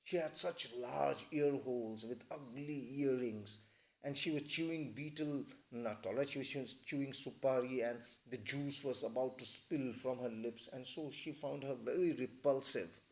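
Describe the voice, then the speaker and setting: A man's voice: medium pitch, unhurried, gravelly. A man, reading a story aloud and explaining it to a class, often checking in with "all right?". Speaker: English teacher.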